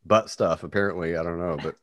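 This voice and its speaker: A man's voice: low voice, steady tone, fast, dry recording, clean studio sound. A man in casual podcast chat, asking playful, joking questions.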